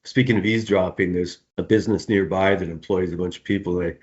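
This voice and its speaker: A middle-aged male author answering interview questions in a relaxed, rambling way, often repeating words and laughing. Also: low voice, fast talker. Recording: dull, muffled sound.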